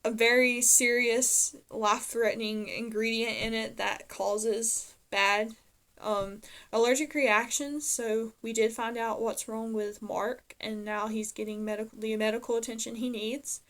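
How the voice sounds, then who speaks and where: A woman's voice: a little high, fairly even intonation, unhurried, fairly bright tone. A woman casually recapping a TV episode, retelling scenes and quoting the characters with frequent fillers and self-corrections. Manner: chatty retelling, quoting characters with lots of "and she's like". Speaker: TV episode reviewer.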